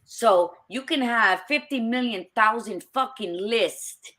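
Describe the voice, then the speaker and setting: Middle-aged woman on a podcast, punchy and blunt, swears a lot, bright forceful voice. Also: on the high side, slow. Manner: emphatic, blunt, profane. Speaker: podcast co-host. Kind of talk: casual chat.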